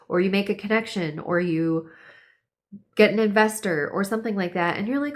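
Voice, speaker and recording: A woman's voice: mid-range voice, normal speed. A woman giving a casual horoscope reading, chatty and full of "like", now and then acting out voices. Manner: chatty, lots of "like", acts out quoted voices. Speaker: tarot and astrology reader.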